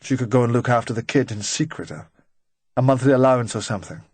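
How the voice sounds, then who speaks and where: A man's voice: medium pitch, fast, a little mellow, husky, dry recording. Blunt offhand younger man, voiced by the narrator, plain mid voice, dry close sound.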